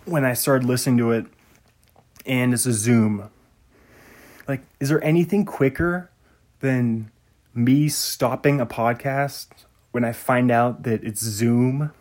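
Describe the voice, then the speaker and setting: A man hosting a podcast in casual chat, rambling and musing aloud, often trailing off mid-sentence. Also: mid-range voice. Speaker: podcast host.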